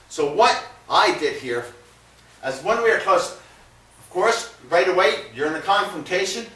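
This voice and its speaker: A man's voice: a little high, sharp tone. A man teaching self-defense, talking plainly while he demonstrates moves to a camera. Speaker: martial arts instructor. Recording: echoey room, mic at a distance.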